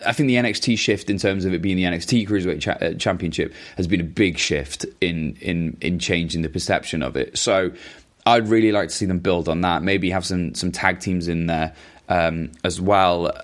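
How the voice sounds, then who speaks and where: A man with a notably deep, low-pitched voice talks through listener questions. He rambles casually, restarts sentences and breaks off into chuckling asides. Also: normal speed. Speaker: podcast host answering listener questions. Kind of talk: casual chat.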